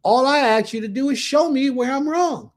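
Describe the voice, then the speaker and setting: A man's voice: very high-pitched, moderate pace. A man giving a casual livestream Bible lesson, speaking directly to his viewers in an informal, slangy way. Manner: conversational, talks to viewers directly. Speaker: Bible teacher.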